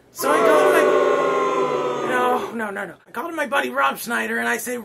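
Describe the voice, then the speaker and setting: A man's voice: very high-pitched, normal speed, vocal fry, noisy background. A man hosting a comedy vlog, giving a rambling, self-important farewell speech and then interviewing a guest. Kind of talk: mock-solemn comedy monologue.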